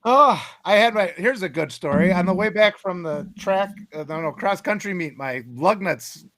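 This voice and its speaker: A man telling casual stories on a livestream, animated and swearing freely, acting out voices as he goes. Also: sits high, normal speed, no room sound. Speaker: livestream co-host. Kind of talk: casual storytelling chat.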